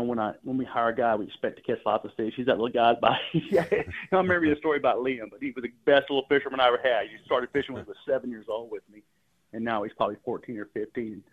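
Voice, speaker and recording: A man talks quickly over a narrow, tinny phone line, his voice sitting at a mid pitch. He is a fishing guide calling into a radio show, and his stories ramble along with repeated words and easy chuckles. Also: steady tone. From Texas Gulf Coast. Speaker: fishing guide and guest caller. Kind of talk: casual phone-in storytelling.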